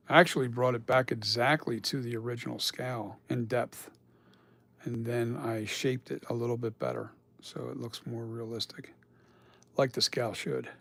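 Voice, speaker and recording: A man's voice: mid-range voice, fairly bright tone. A man chatting casually on a live stream about sculpting masks, rambling and swearing now and then as he talks.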